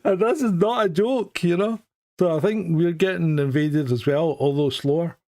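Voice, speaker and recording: Fairly high-voiced man from Scotland, loose and joking, co-hosting a live chat show. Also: normal speed, darkish tone. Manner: chatty, joking, trailing restarts. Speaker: co-host of a live stream. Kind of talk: casual chat.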